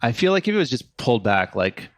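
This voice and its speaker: A man's voice: medium pitch, very animated, fast, dry recording, studio quality. A man co-hosting a music review podcast who gives his critique thoughtfully and hesitantly, trailing off with fillers. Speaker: podcast co-host.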